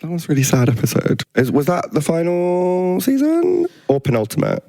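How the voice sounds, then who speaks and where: A man's voice: sits high, moderate pace. A man hosting a podcast, chatting casually and laughing often. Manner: chatty, laughs a lot, animated. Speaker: podcast host. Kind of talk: casual chat.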